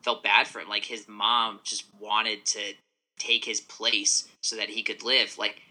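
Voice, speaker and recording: A man's voice: on the low side, level tone, measured pace, bright, forceful tone. A man co-hosting a podcast, chatting casually with short, agreeable remarks. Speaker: podcast co-host.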